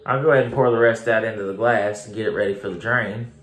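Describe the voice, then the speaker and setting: A man's voice: on the low side, steady tone, fast talker, fairly bright tone. A man giving a blunt, casual beer review, repeating himself for emphasis and swearing now and then. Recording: echoey room.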